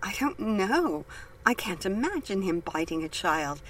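A woman's voice: medium pitch, sing-song, a little slow, fairly bright tone, poor audio. A woman reading the lines of a blind male judge who is shaken and apologetic, in an earnest, distressed way.

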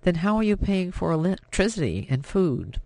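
A man voicing a headstrong young woman of nineteen, impassioned and sharp as she stands up to her father. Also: sits high, sing-song, normal speed, creaky, dry recording, voice pushed up, exaggerated voice. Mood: defiant.

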